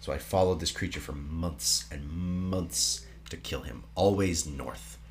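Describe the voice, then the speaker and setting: A man co-hosting a casual film podcast, retelling the plot dramatically and dropping to soft whispers. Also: low voice, fairly even intonation, measured pace, a little hiss or hum. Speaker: podcast co-host.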